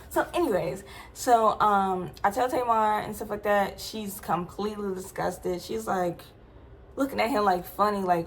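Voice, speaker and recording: A woman's voice: medium pitch, moderate pace, a little hiss or hum. A young adult woman vlogger telling a personal story in a casual, slangy, emphatic way, with many asides to her viewers.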